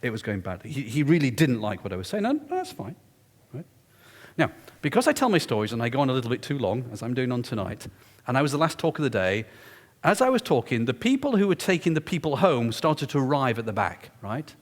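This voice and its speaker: A man's voice: mid-range voice, sing-song, fairly quick. A man telling a story during a public lecture, emphatic and confiding. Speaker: guest lecturer. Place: lecture hall. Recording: echoey lecture hall.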